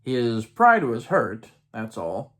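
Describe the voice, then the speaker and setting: A man's voice: mid-range voice, huge pitch swings, slow, fairly bright tone. A man in his late thirties reading aloud from a personal journal, with wry, amused asides and playful lifts in his voice.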